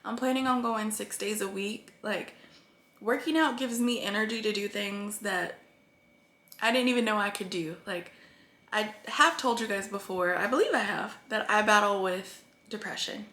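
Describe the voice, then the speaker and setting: A woman's medium-pitched voice, bright and forceful, comes through with reverb at a normal speed. She rambles earnestly to her viewers about her weight-loss journey, getting tearful now and then.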